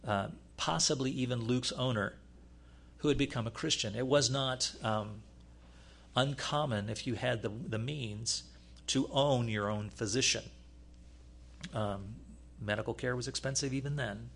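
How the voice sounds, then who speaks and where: Man preaching a halting sermon. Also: mid-range voice, gravelly, a bit bright. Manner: halting, many fillers and restarts. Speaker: pastor. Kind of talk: sermon teaching.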